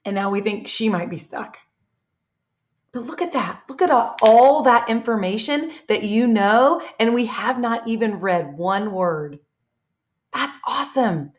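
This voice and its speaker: A woman teacher guiding young children through a reading lesson, praising them often. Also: a little high. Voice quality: encouraging, lots of praise. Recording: echoey room, dull sound.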